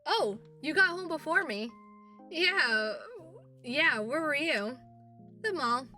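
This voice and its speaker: A woman streamer reading a visual novel aloud and reacting, expressive, swearing and laughing at herself. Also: high voice, slow, recorded from a distance, faint music behind. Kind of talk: game playthrough, reading and reacting.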